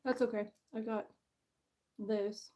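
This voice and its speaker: A bubbly woman with a fairly high voice chats casually on a livestream while hosting her book launch. She is chatty and pokes fun at herself, and she laughs often. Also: steady tone, slow, warm tone. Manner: bubbly, chatty, self-deprecating.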